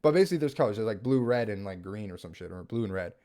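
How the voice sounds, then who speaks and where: A man talking at home, recapping and reviewing a TV series in an animated, rambling way, full of "like" and "right?". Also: on the low side, racing. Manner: animated, rambling, filler-heavy with frequent "like" and "right?". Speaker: gaming video creator reviewing a TV series. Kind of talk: casual spoken recap and review.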